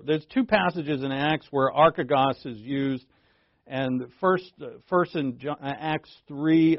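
Gravelly, conversational male preacher. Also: fairly high pitch, no echo, muffled recording. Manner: conversational, self-interrupting, playful asides. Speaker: pastor. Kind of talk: sermon.

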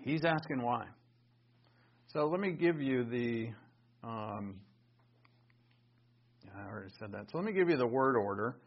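A man teaching a Bible lesson in sermon style, conversational and animated, raising his voice for emphasis. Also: medium pitch, measured pace, long pauses. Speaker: pastor teaching. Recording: dull lo-fi recording.

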